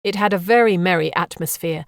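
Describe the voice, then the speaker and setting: A woman narrating a memoir audiobook in a calm, measured reading voice. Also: lowish voice, no echo, clean studio sound.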